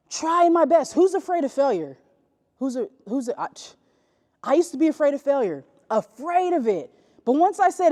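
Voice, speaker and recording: A woman with a high voice gives an upbeat motivational talk to young basketball players. She pulls the group into call-and-response. Her voice carries from a distance through a gym with a long, ringing reverb. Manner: energetic call-and-response with the audience. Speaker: youth basketball motivational speaker.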